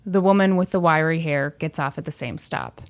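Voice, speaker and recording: A woman co-hosting a podcast, casually telling a true crime story with animated delivery and acted-out quotes. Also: low-pitched, brisk, vocal fry. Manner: animated, acts out quoted voices, laughs often.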